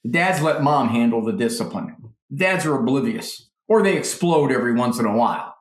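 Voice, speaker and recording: A man, a psychologist guest, gives animated parenting advice and often acts out parents and children in quick voices. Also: mid-range voice, echoey room.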